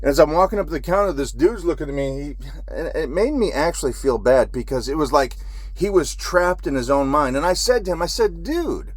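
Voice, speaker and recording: A man's voice: a little high, lively intonation, fairly quick, dry recording. A man who is a military veteran, telling a story in an agitated, profane ranting monologue.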